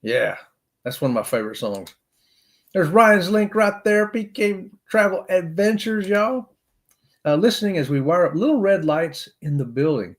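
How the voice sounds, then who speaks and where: A middle-aged man with a slightly high-pitched voice hosts a relaxed live chat. He talks in a folksy, upbeat way and keeps greeting viewers with "y'all.". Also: normal speed. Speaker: livestream host. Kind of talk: casual live chat reading comments.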